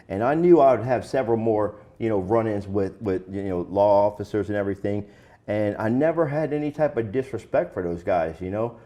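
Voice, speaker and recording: A man with a fairly low, mellow voice talks through his past in a loose, candid way. His speech is plain and full of slang, the way one talks in a relaxed sit-down interview. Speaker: guest sharing his recovery story. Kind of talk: casual conversational storytelling.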